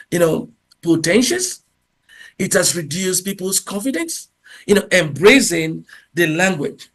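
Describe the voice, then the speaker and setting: High-voiced man giving an animated talk. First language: English. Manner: animated, acts out little dialogues in different voices; frequent fillers and self-corrections. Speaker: speaker at a university career event. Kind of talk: motivational public talk.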